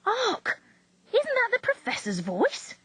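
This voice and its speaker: A woman's voice: extremely high pitch, huge pitch swings, takes it slowly, fairly bright tone, dry recording, voice pushed up, heavily acted. A woman reading aloud, voicing a stern, fussy old nursemaid who scolds firmly. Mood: alert. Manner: firm, scolding.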